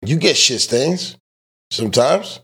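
Podcast host, man, loud and profane, swoops all over his pitch, casual banter. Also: animated, slow pace, breathy edge. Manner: loud, joking, swears freely, teases his guest. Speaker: truck driver.

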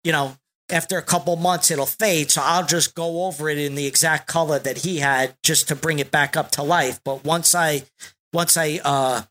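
A man's voice: on the high side, fairly even intonation, moderate pace, pushed and bright. A man speaking as a podcast guest in a casual, easygoing chat.

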